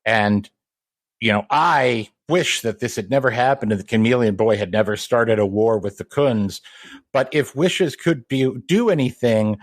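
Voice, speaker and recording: A man's voice: mid-range voice, normal speed, no room sound. A man co-hosting a podcast, chatting enthusiastically and explaining comic book trivia. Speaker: podcast co-host. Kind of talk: casual comic-book chat.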